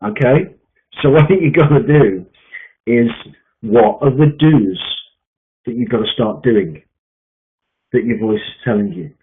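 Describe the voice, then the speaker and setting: A man's voice: mid-range voice, animated, a little slow, pauses often, slight background noise. Male sales coach on a tinny line. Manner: emphatic, repetitive, with frequent fillers. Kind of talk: coaching session talk.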